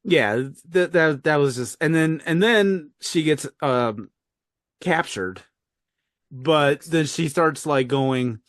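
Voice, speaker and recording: A man's voice: a little high, slow pace, no room sound, studio quality. A man co-hosting a podcast in casual chat, rambling with frequent laughs and casual swearing. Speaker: podcast co-host.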